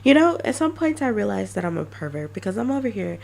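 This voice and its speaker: A woman streamer chatting casually and brainstorming ideas, halting with many restarts. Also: mid-range voice, very animated, vocal fry, a little mellow. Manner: halting, many restarts, self-mocking laughs.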